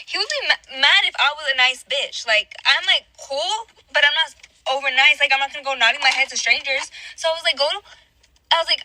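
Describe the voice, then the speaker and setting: Bright, blunt young woman with a high voice. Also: lively intonation, fast, no room sound, poor audio. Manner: heavy use of "like", profane, blunt. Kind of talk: casual storytime vlog.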